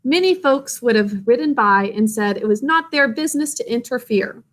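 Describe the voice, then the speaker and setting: A woman's voice: fairly high pitch, expressive, moderate pace, natural voice. A woman doing a firm, fatherly coachman. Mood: approving. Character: kindly older coachman, approving and firm. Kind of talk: storybook read-aloud.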